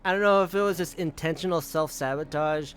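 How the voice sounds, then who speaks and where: A man's voice: fairly high pitch, a little fast, a bit bright, soft background music. Laughing young man telling a rambling story. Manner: rambling, laughing, swearing freely. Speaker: streamer. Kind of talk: casual storytelling while gaming.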